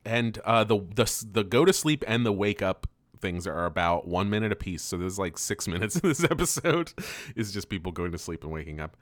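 Lowish guy cracking up while recapping a cartoon, dry close sound, jumps into goofy voices. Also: expressive, no echo. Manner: laughs often, loose and profane, acts out lines in quick silly voices. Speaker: podcast co-host. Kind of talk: casual chat recapping a cartoon episode.

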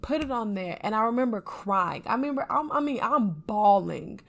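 Gravelly-voiced woman, earnest podcast co-host. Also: on the high side, moderate pace. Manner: earnest, animated storytelling. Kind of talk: casual faith podcast chat.

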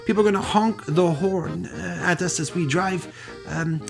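A man voicing a small, helpful German man with thick glasses, using a put-on German accent and halting, polite speech. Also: high-pitched, gravelly, music in the background, pitched above the performer's own voice. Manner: halting, polite, full of hesitations.

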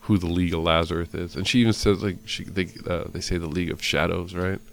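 Deep-voiced man, laughing and swearing. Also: steady tone, fast. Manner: swears often and laughs a lot. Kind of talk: casual chat.

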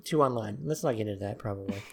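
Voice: medium pitch, rapid-fire, noisy background. Podcast host chatting, laughing along. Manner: laughs along, riffs with mock quotes. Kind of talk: casual chat.

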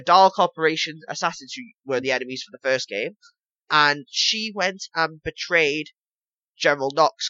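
A man with a higher, pushed and bright voice co-hosts a casual gaming podcast, rambling and repeating himself as he explains things. He leans heavily on "basically" and "obviously," and the dry recording has its highs cut off.

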